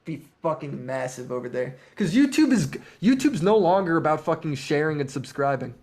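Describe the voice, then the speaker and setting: A man's voice: a little high, sing-song, fairly quick, a little mellow. A man chatting casually as a guest on a call-in stream, blunt, insistent and profane. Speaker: guest co-host. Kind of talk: casual livestream chat.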